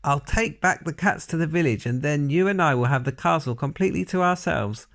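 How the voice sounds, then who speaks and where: A man voicing a bold, excitable elderly grandmother in a storybook read-aloud, exclaiming emphatically. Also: fairly high pitch, brisk, creaky, pitched above the performer's own voice. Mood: thrilled.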